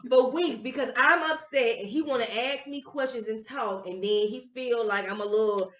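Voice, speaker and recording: A woman's voice: a little high, normal speed, a bit bright. A woman co-hosting a podcast in casual, candid chat, swearing freely and acting out what was said. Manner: candid, swearing, acts out quoted talk. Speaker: podcast co-host. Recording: echoey room.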